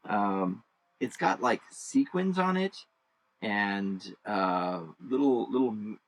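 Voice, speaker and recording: Running a tabletop role-playing game as game master, a man narrates slowly and expressively, rambling with many fillers and breaking into high, shouted character voices. The recording quality is low.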